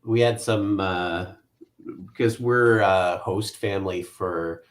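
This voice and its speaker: A man from Canada chatting casually, relaxed and a little hesitant. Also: low-pitched, slow pace. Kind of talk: casual chat.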